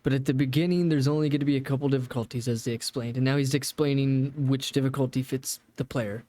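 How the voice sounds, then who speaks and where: A man's voice: medium pitch, steady tone, fast talker, warm tone, dry recording. A man casually reacting to a game developer video, rambling and swearing now and then as he explains game mechanics. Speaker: gaming reaction host.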